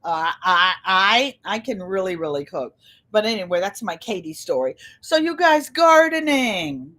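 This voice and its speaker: Slow-talking older woman with a Connecticut accent. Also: mid-range voice, very animated, bright, forceful tone. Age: 70s. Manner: chatty storyteller, addresses viewers as "you guys". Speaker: channel host. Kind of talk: live-stream chat. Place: indoor room with a large air conditioner. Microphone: computer.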